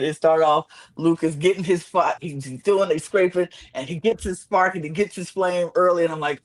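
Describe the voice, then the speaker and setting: Male podcast co-host, AAVE, casual recap chat, very animated, dramatic pitch jumps. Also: moderate pace, few pauses. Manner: animated, acts out reactions with big pitch swings.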